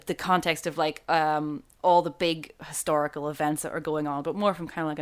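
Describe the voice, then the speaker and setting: A woman's voice: on the low side, smooth. A woman from Ireland co-hosting a casual film podcast, wry and sarcastic, rambling with plenty of fillers as she explains her thoughts. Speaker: podcast co-host.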